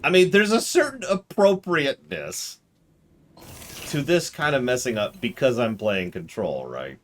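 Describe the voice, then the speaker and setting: A man's voice: mid-range voice, very animated, a little slow, slight background noise. A man streaming a video game live, reading in-game documents aloud between joking asides. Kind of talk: live gameplay commentary.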